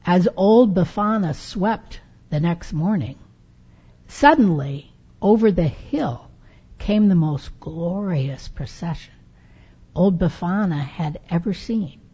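A woman tells a story aloud during a sermon, slow and dramatic. Her voice rises and falls a lot, with a mellow, husky tone. The recording is dull and lo-fi. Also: fairly low pitch, lively intonation. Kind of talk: expressive read-aloud storytelling.

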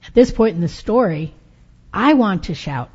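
A woman telling a story aloud in a sermon, with a slow, dramatic, expressive delivery. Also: medium pitch, breathy edge. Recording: dull lo-fi recording.

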